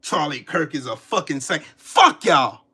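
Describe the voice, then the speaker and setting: A man's voice: a little high, lively intonation, measured pace, bright, forceful tone, husky. A man in his forties ranting about politics, heated, profane and repetitive, saying he is pissed off and has a headache. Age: 40s. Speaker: political commentary streamer. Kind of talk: angry ranting commentary.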